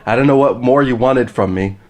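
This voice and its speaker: A man's voice: medium pitch, brisk, noisy background. A young man from Texas on a casual podcast, speaking mildly and a bit self-consciously. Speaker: podcast host. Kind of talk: casual chat.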